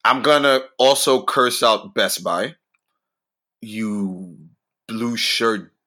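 A young man is hosting his own podcast and ranting in a comic, animated way. His voice is bright, and he swears freely while his pitch jumps suddenly. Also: drawn-out words. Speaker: podcast host. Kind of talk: profane comedic rant.

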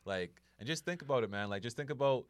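Man, podcast co-host, casual chat, very fast, slangy and filler-heavy, dry close sound. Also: mid-range voice, lively intonation, clear, resonant tone, no room sound. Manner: rapid, slangy, filler-heavy talk with lots of "like" and "bro".

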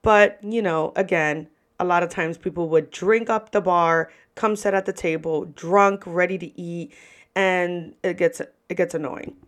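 A young woman, a podcast host who works as a server, telling stories in a casual, animated way and swearing freely. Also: unhurried. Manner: animated, profane, lively pitch swings. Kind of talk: casual storytelling.

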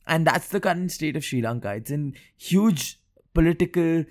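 A man's voice: fairly high pitch, lively intonation, normal speed. A young man hosting a solo podcast episode, talking casually about current affairs, often stammering and repeating words and laughing at himself. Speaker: podcast host.

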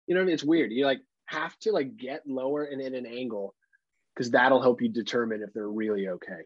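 A man's voice: medium pitch, fairly quick, breathy edge, dry recording. A man co-hosting a podcast in casual chat, riffing with sarcastic jokes and casual swearing. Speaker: podcast co-host. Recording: dull dry sound.

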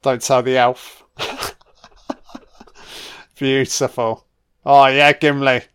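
Relaxed man swearing through a commentary. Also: mid-range voice, very slow, clean tone. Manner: swears freely, reacts excitedly to the action. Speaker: film commentator. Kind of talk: casual film commentary.

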